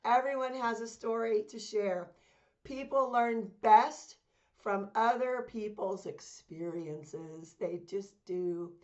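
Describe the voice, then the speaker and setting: A woman's voice: mid-range voice, darkish tone. Earnest woman spiritual coach, lo-fi. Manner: earnest, encouraging, slows down to stress points. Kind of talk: casual talk to camera.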